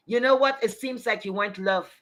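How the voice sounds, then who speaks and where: A woman's voice: mid-range voice, a little fast, rough recording. A woman delivering an angry commentary rant, scolding her target directly with profanity, repeated phrases and a stream of rhetorical questions. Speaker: commentary vlogger.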